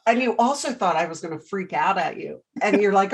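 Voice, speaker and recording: A middle-aged woman hosting an interview podcast, telling animated stories in a chatty, casual way. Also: medium pitch, moderate pace, low-quality recording. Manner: chatty storyteller, animated anecdotes. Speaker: podcast host.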